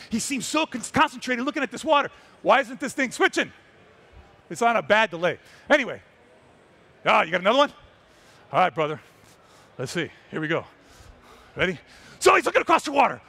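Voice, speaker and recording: A wildlife photographer giving an animated live storytelling talk on a trade-show stage, exclaiming dramatically. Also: male voice, very high-pitched, quick pace, vocal fry, pauses often, husky.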